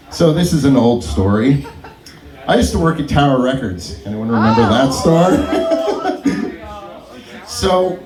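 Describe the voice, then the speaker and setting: A young adult man doing stand-up at an open mic, telling stories and laughing through them. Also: mid-range voice. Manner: animated, laughs through his own stories. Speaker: stand-up comedian. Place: comedy club stage. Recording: roomy club sound, mic at a distance.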